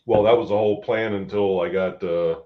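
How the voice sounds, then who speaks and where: A man's voice: fairly low pitch, fairly even intonation, brisk, dull audio. A man chatting casually as host, telling a story animatedly and swearing freely. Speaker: paranormal investigator host. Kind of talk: casual chat.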